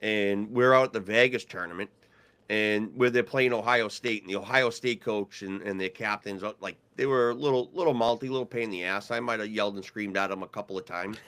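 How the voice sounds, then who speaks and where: A man's voice: lowish voice, a little fast. A man co-hosting a casual podcast, a referee supervisor telling stories and acting out the people in them. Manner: storytelling, animated when quoting others.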